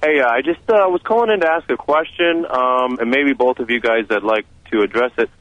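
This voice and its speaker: A man's voice: medium pitch, dry recording. Hesitant male caller on a dull line. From Texas. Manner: hesitant, halting. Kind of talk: call-in question. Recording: dull muffled phone-in line.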